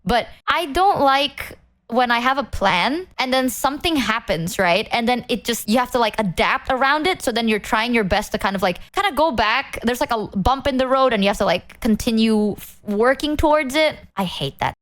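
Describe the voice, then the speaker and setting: Woman streamer, bright lively delivery, rambling and cursing; casual live chat. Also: a little high, moderate pace. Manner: rambling, swears freely, often laughs. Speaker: VTuber streamer.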